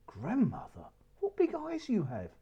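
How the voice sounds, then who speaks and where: A man voicing an innocent, curious little girl in a children's story, speaking in a high, wondering child's voice. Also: huge pitch swings, a little slow, breathy edge, highs cut off, full character voice.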